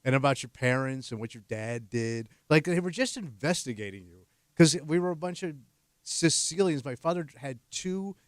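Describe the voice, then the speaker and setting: A man's voice: fairly high pitch, normal speed, no echo. Blunt storytelling man on radio. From New Jersey. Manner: animated storyteller, blunt jokes. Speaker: radio co-host. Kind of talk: casual radio banter. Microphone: studio microphone. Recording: dry studio sound.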